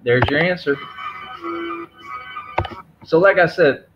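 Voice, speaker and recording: A man streamer launches into an angry rant, taunting and swearing at his critics. His voice sits a little high, and the lo-fi stream audio sounds dull, with faint music underneath. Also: slow pace. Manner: aggressive, taunting and profane.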